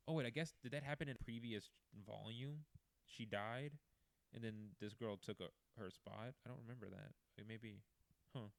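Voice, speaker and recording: A man's voice: medium pitch, normal speed, gravelly. A man giving a loose, rambling recap of manga chapters as a casual reviewer, full of fillers and trailing asides.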